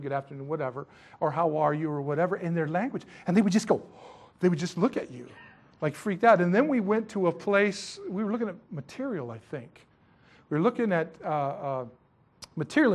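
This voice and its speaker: A middle-aged man preaching in a rambling, chatty way, with self-mocking asides. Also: sits high. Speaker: pastor. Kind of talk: sermon with missionary stories.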